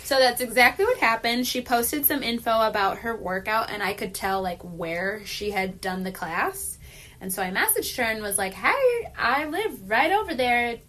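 A woman co-hosting a casual chat podcast, telling weekend stories in a chatty, animated way with lots of "like". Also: mid-range voice. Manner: chatty, animated storytelling with frequent "like". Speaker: podcast co-host.

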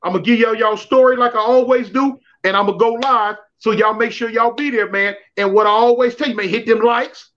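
A man with a very high voice rattles through prison stories a little fast, hardly pausing, on a casual livestream call. He's animated, repeats himself, and leans on slang, all captured in dull lo-fi audio.

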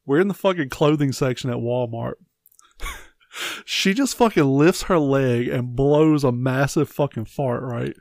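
A man's voice: mid-range voice, a little slow, creaky, a little mellow, no echo, clean studio sound. A man, co-hosting a podcast and telling crude stories with lots of swearing and laughter. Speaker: podcast co-host. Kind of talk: casual chat.

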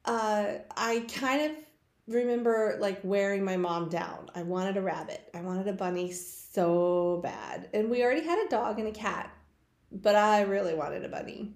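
A woman casually telling personal stories in a chatty, animated way, acting out the voices of the people she quotes. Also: mid-range voice. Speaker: host sharing personal stories. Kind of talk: casual storytelling. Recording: roomy echo.

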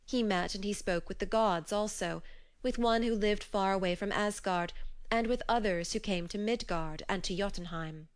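A woman narrating an old myth collection as an audiobook, in measured, even storytelling. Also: mid-range voice, smooth.

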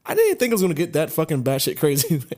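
Young dude on a podcast, talks quick, slightly high voice, laughs a lot, swears constantly. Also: male voice. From Atlanta area. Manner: laughs often, swears freely, animated storytelling. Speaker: podcast co-host. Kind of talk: casual podcast chat.

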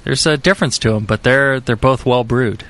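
A man's voice: medium pitch, normal speed, fairly bright tone. A man co-hosting a casual podcast, talking hesitantly with many restarts. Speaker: podcast co-host.

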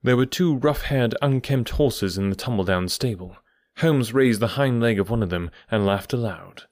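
A man reading an audiobook in measured storytelling narration. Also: medium pitch, a little mellow, dry recording, clean studio sound. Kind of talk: scripted narration.

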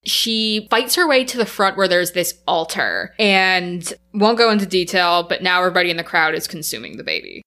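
A woman co-hosting a podcast, retelling a film's plot in casual, animated chat with lots of "like" fillers. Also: on the low side, moderate pace, few pauses. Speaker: podcast co-host. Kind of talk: casual film recap chat.

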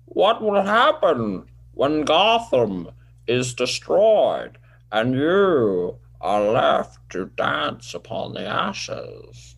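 A man putting on the voice of a grandiose masked male villain, speaking slowly and theatrically. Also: mid-range voice, sing-song, vocal fry, exaggerated voice. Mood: taunting. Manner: slow, drawn-out theatrical delivery.

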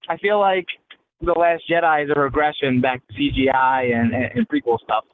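A man calling in to a podcast from his car, enthusiastic and quick with opinions. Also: on the high side, fairly even intonation. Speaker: podcast co-host. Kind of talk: casual chat. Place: driving a car. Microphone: phone call. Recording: tinny phone line with road noise.

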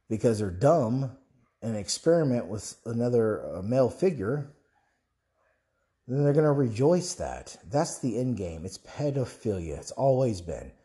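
A young man with a medium-pitched, dark voice preaches passionately as a Christian online commentator. He rambles, starts his sentences over, and keeps asking rhetorical questions.

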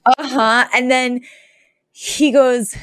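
A woman co-hosting a podcast, recapping a sitcom episode in a lively, laughing way and acting out the characters' lines. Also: high-pitched, takes it slowly, clear, resonant tone, dry recording. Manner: animated storyteller who acts out quotes, laughs often. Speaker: podcast co-host.

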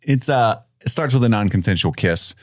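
Lively low-voiced man in joking chat. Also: no echo, clean studio sound. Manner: joking, profane, doing quick silly voices. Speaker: podcast co-host reviewing a film. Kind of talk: casual chat.

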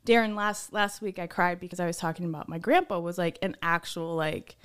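A woman's voice: fairly low pitch, fairly quick, a bit bright, smooth. A young woman on a podcast, chatting casually and laughing at herself as she talks. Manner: giggly, self-mocking, often laughing through her words. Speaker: podcast co-host. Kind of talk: casual chat.

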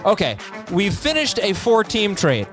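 A man hosts a chatty podcast, reading listener emails aloud. His voice sits a bit high and swings widely in pitch. He jokes and laughs as he reads, with soft music playing underneath. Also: measured pace. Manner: animated, joking, laughs while reading. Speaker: podcast host.

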